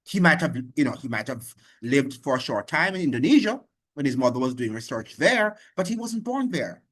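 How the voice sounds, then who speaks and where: A man's voice: medium pitch, sing-song, brisk, fairly bright tone. A man giving political commentary in a lecturing way, often checking in with "okay?". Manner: lecturing, repeats "okay?" and "you know that". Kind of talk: opinion commentary.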